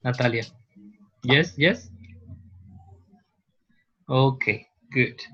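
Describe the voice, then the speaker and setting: A man's voice: medium pitch, drawn-out words, a bit bright, breathy edge, dull audio. A man, a teacher giving a university lecture, explaining patiently and often checking that students follow. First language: Spanish.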